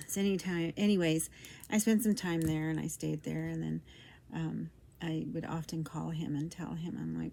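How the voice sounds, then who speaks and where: Low, gravelly middle-aged woman reminiscing. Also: little pitch movement, a little slow, dark tone. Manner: rambling and reminiscent, full of fillers and restarts. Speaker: storyteller. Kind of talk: personal storytime monologue.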